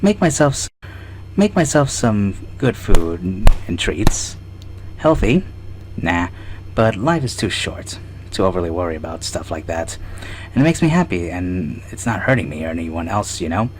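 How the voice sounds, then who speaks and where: An easygoing young male honey badger, as a man voices him in a fan cartoon. His voice sits low but moves around a lot. He drawls casual slang like nothing in the world could bother him. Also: normal speed, a little hiss or hum. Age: 20s. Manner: relaxed, casual slangy talk.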